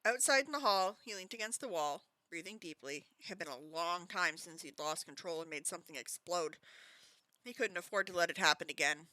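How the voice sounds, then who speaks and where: A Canadian woman hosting a casual book club stream, reading a novel aloud in a lively way. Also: fairly low pitch, brisk, no room sound. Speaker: host, reader. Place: home streaming setup.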